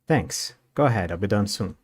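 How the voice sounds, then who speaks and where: A man reading the lines of a decisive young male class leader in a story game, in a brisk, organizing way. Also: fairly low pitch, animated.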